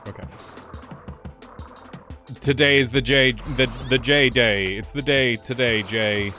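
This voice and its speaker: A young man streaming a game, telling a story in a casual, animated way, swearing freely, laughing often and jumping higher when excited. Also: slow pace, soft background music. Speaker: gaming streamer. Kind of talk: casual live-stream chat.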